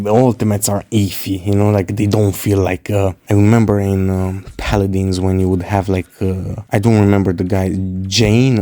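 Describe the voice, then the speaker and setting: A male streamer giving a casual, excitable gaming opinion, rambling with lots of "like" and frequent swearing. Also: lowish voice, dry recording. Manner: excitable, rambling, profane, heavy use of "like".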